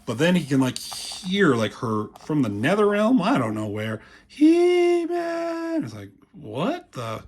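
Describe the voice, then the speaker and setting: A man giving casual, rambling commentary on comic pages, profane and full of filler words, with a husky voice. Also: mid-range voice, big pitch swings, moderate pace, few pauses.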